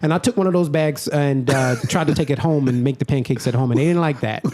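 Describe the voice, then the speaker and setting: A middle-aged man, a comedian guest on a podcast, telling stories in a joking, animated way. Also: mid-range voice, fast talker. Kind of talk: casual podcast chat.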